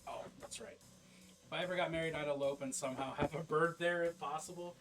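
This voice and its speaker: A man's voice: fairly high pitch, lively intonation, fast, fairly bright tone, soft background music. A man chatting casually on a live stream while painting miniatures, rambling, interrupting himself and swearing freely.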